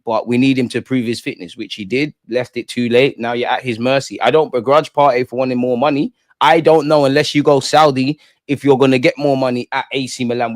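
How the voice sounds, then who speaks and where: A man's voice: medium pitch, no echo, studio quality. A young man, chatting casually on a live stream in slangy, joking banter. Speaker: streamer reading live chat. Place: room at home with curtains closed.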